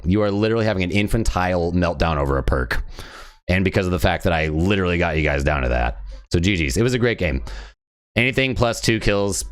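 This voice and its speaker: A man streaming live, ranting at a player in a profane, scornful, sneering way. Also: low-pitched. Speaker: livestreamer. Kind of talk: live game stream rant.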